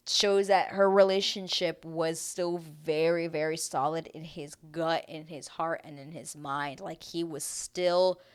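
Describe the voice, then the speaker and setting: A woman's voice: sits low, fairly even intonation, unhurried, hardly any pauses, clear, resonant tone. Chatty, dramatic young woman recapping TV. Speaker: TV recap vlogger. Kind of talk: casual recap chat.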